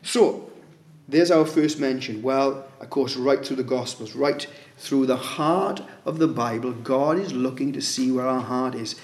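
A man's voice: mid-range voice, measured pace, few pauses. A man preaching a sermon in a conversational way, asking his listeners rhetorical questions. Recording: echoey room.

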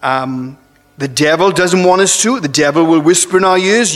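High-voiced preacher in a reverberant hall. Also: male voice, a bit bright. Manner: earnest, halting delivery with frequent restarts and emphatic rises. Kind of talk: sermon. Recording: long reverb of a large hall.

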